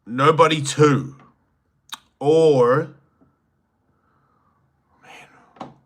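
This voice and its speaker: A man's voice: on the high side, fairly even intonation, drawn-out words. A man hosting a solo livestream, reading viewer chats aloud and answering them with crude joking banter that sometimes trails off into mumbles. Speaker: podcast host.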